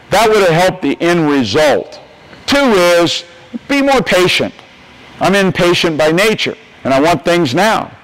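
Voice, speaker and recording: An older U.S. coach, speaking in a somewhat high voice, fires up a coaches clinic with a motivational talk. He's folksy and forceful, hammering home what matters by saying it again, though the audio is poor.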